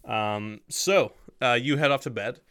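Male game master, bright tone, rambling, casual narration. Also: medium pitch, a little slow, clean tone. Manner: loose, full of "um" and "like".

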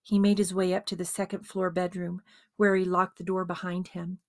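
Woman reading a story out loud, expressive, dry close mic. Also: fairly low pitch, moderate pace, no room sound. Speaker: narrator. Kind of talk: dramatized audiobook narration.

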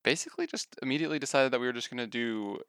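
A man's voice: medium pitch, very fast, fairly bright tone, clear, resonant tone, no echo. A man co-hosting a gaming podcast, speaking in a matter-of-fact, dry way. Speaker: podcast co-host. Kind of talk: casual chat.

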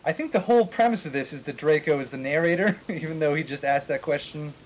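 Man, podcast host, mock-dramatic reading, slightly high voice, faint background hiss. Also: fast talker, rough recording. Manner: reads aloud with mock drama, laughing often.

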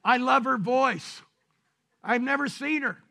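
A man preaching a sermon as pastor, shouting his points and drawing out scripture verses slowly. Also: very high voice, creaky. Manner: preaching with shouted emphasis and drawn-out scripture reading.

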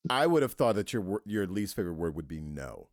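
Male interview host, low and expressive, playful, dry close sound. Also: quick pace, no room sound. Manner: playful and joking. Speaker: podcast host. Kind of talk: casual interview questions.

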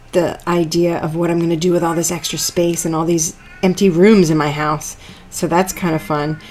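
Middle-aged woman cohost, kinda low voice, tells stories and acts out the quotes. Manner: animated storyteller who acts out her own quotes. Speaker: podcast co-host and dance studio owner. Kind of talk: casual podcast chat. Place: dance studio.

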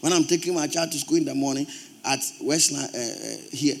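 A man with a Ghanaian accent preaching a sermon in church, forceful and emphatic, rising to loud outbursts. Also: mid-range voice, brisk, creaky. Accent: Ghanaian English. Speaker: pastor.

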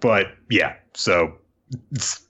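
A man on a casual podcast, giving reflective, measured critique of a story and its pacing. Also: deep voice, sharp tone, breathy edge. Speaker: podcast co-host.

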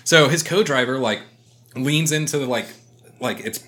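A bright, forceful-sounding man telling a story to his friends in casual podcast chat. He swears freely and jumps into loud, animated impressions of the people he describes. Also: mid-range voice, normal speed.

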